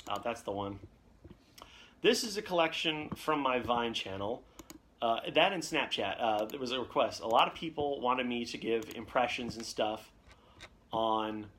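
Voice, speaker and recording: A man's voice: mid-range voice, a bit bright, a little hiss or hum. Rambling man chatting on a live stream. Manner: rambling storyteller, jumps between anecdotes with many fillers. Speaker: voice actor hosting a live Q&A. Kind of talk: casual live-stream chat.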